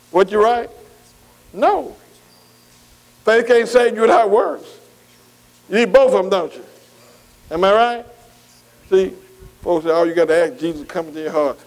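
High-voiced preacher calling for agreement. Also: male voice, low-quality recording. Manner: call-and-response, repeatedly asking the congregation for agreement; folksy, colloquial Southern US grammar. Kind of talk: sermon.

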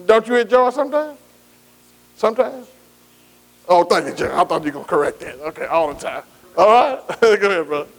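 High-voiced folksy preaching man. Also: expressive, fairly quick, pauses often. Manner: folksy call-and-response preaching, frequent "amen". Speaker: pastor. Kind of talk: sermon.

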